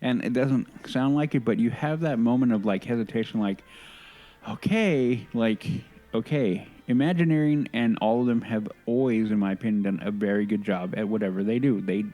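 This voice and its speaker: A low-pitched man talking through a podcast in casual conversation. He gets earnest and opinionated, stumbling and restarting his sentences as he works out his point. Faint music sits underneath. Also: mellow. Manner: halting, many restarts and self-corrections. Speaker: podcast co-host. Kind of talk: casual chat.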